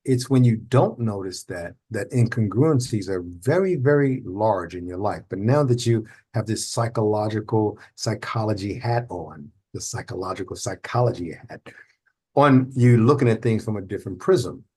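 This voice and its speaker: A man's voice: lowish voice, lively intonation, moderate pace, a little mellow, husky. A man hosting a podcast, explaining ideas in a reflective, conversational way. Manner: reflective, explaining with acted examples. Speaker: podcast host.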